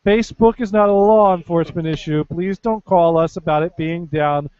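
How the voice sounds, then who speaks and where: A man's voice: moderate pace, darkish tone, clear, resonant tone, no room sound. A man with an East Coast American accent co-hosting a casual podcast, reading odd news stories with dry, sarcastic asides. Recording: dull, low-fidelity podcast audio.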